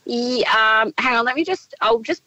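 A woman's voice: on the high side, moderate pace, muffled recording. A woman co-hosting a radio show, making a prank call in a hesitant, mock-official manner full of ums. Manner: hesitant feigned officialdom, many ums, deadpan.

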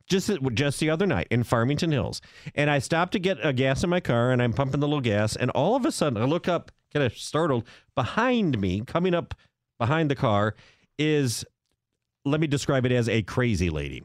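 A man's voice: mid-range voice, very animated, fairly quick, no room sound, studio quality. A man hosting a casual talk show, telling a story hesitantly with many restarts and asides. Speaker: podcast host.

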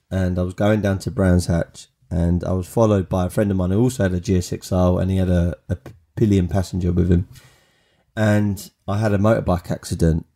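A man, telling personal stories as a podcast host in a chatty, animated way. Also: on the low side. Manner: chatty, animated storytelling with many restarts. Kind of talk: storytelling monologue.

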